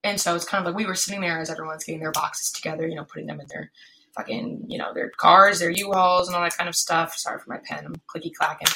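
A woman's voice: on the low side, fairly even intonation, fast, creaky, sharp tone, low-quality recording. A young woman in her twenties hosting a casual solo podcast, talking in a rambling, tired way, full of fillers and restarts, from her apartment. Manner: tired, yawning. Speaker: podcast host. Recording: faint background noise, pen clicks.

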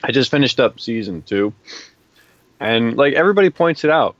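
A man's voice: medium pitch, expressive, normal speed, no echo, highs cut off. A man co-hosting a podcast, bluntly teasing his partner and talking while chewing. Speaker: podcast co-host. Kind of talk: casual podcast banter. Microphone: remote call mic.

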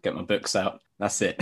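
A man playing a comedic tabletop game, playful and quick to giggle. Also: fairly low pitch, slightly rough. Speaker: player.

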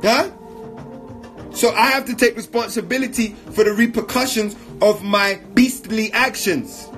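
A man's voice: sits high, measured pace, a bit bright, faint music behind. A man giving an emphatic, repetitive motivational talk in slang while answering audience questions.

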